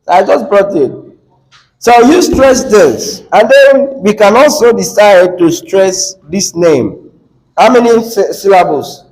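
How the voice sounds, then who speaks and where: A man's voice: high voice, expressive, slow, a little mellow, rough recording. A man with a Nigerian English accent teaching a classroom lesson on word stress, coaxing the class, repeating words and asking questions.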